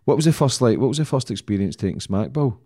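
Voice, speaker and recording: A man hosting a podcast, chatting in a relaxed, agreeing way. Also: medium pitch, quick pace, breathy edge, no room sound, clean studio sound. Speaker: podcast host. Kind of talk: interview talk.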